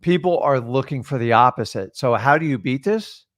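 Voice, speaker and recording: A man's voice: mid-range voice, lively intonation, moderate pace, no echo, studio quality. Emphatic motivational male coach. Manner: emphatic and preachy, punchy short lines and rhetorical questions. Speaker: co-host of a real estate wholesaling training.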